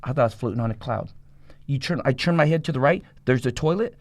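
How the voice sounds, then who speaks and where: A man's voice: mid-range voice, dry recording. A man, a former gang member, giving a blunt and profane personal testimony in a conversation. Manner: blunt, profane, rapid storytelling.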